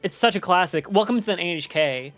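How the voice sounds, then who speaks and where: Slangy young woman streamer, lowish voice. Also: animated, brisk, soft background music. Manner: slangy, loose and rambling, full of "like" and "dude". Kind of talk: casual live-stream chat.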